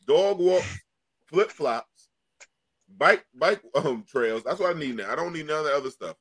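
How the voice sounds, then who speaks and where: A man hosting a casual podcast chat, joking and animated, with plenty of slang. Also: a little high, normal speed, breathy edge, no echo. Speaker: host.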